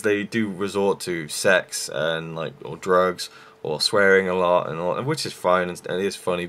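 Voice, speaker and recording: A man's voice: low-pitched, a bit bright. A young man reviewing a film in a rambling, enthusiastic way with many fillers. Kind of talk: casual vlog review.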